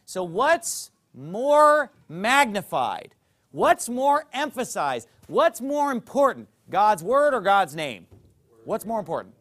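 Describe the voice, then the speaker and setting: A man's voice: high-pitched, sing-song, takes it slowly, fairly bright tone. A man preaching a sermon as pastor, emphatic and fond of rhetorical questions.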